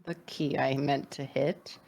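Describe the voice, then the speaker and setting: A woman's voice: extremely low pitch, fairly even intonation, measured pace, vocal fry, darkish tone. A woman chatting casually on a charity game stream, playful and laughing often as she draws. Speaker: charity stream guest drawing characters. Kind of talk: casual chat.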